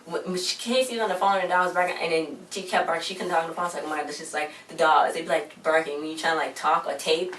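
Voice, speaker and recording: A young woman chatting casually through a TV episode recap, slangy and rambling, retelling scenes with animated asides. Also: low-pitched, fast, hardly any pauses, a little hiss or hum. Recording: echoey room, distant mic.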